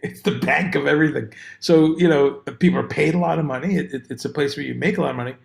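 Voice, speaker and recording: A man hosting a casual livestream chat, rambling and animated as he greets viewers by name. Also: fairly high pitch, quick pace, creaky. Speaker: livestream host. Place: room on tour abroad. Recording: echoey room.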